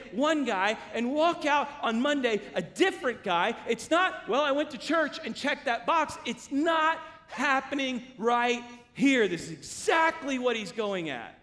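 Animated high-voiced male pastor preaching. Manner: animated storytelling with big volume swings. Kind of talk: sermon. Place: church sanctuary. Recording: long church hall reverb.

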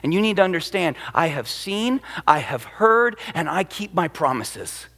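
A preacher voicing God in a firm, emphatic, assured tone. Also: male voice, a little high, very animated, normal speed, gravelly, fairly bright tone, exaggerated voice. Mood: commanding. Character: commanding male deity, calm and assured. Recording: long hall reverb.

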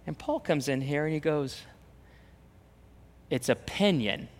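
A man's voice: fairly high pitch, expressive, unhurried. A man preaching a sermon as pastor, emphatic, repeating phrases and acting out the voices he quotes. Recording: reverberant hall, long echo.

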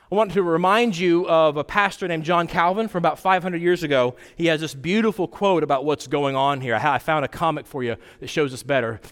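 A man preaching a sermon as pastor, conversational and animated, with sudden jumps in pitch. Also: fairly quick, hardly any pauses. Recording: long hall reverb.

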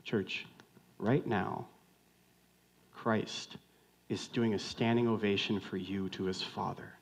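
A man preaching a sermon in a conversational, joking way, swinging from loud outbursts to hushed lines and questioning the congregation directly. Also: on the low side, steady tone, slow, gravelly. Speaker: pastor.

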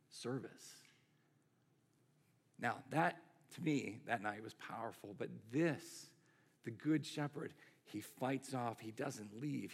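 A man preaching a sermon as a pastor, in a conversational, animated way with frequent asides to the congregation. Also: mid-range voice.

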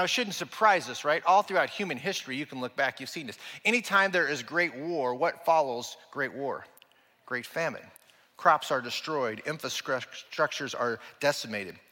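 Man, pastor, sermon, emphatic rhetorical questions, bright forceful voice, long church reverb. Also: on the high side.

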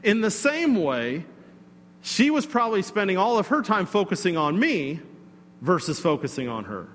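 A man preaching a sermon, telling a personal story in a conversational, animated way with asides to the congregation. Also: high voice, moderate pace, long reverb tail. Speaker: pastor.

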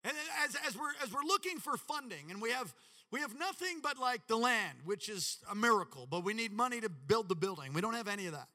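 A man preaching a sermon with animated, dramatic delivery and sudden shouts. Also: high voice, a little fast, big-room sound. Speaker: pastor.

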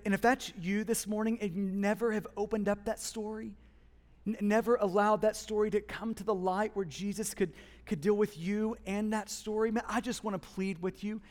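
A man preaching a sermon as pastor, with passionate swings between hushed and loud emphasis, speaking in a church. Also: high voice, long reverb tail. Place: church hall.

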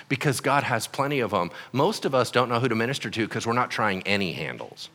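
A man's voice: mid-range voice, a little fast, hardly any pauses, long reverb tail. A man preaching a sermon as pastor, acting out quotes in voices. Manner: animated, acts out quotes and voices. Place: church hall.

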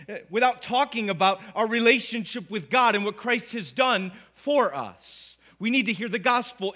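Bright-voiced man preaching a conversational sermon. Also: high voice. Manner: conversational, asks the congregation "right?". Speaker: pastor.

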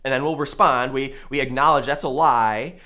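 A male pastor preaching a sermon in a conversational way, with loud emphatic peaks and quiet, low asides. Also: moderate pace.

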